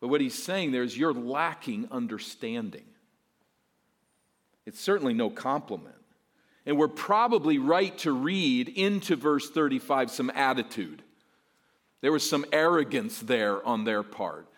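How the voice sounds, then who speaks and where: A pastor preaching an expository sermon, emphatic and voicing imagined objections. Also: male voice, medium pitch, animated, unhurried. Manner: emphatic, voices mock objections.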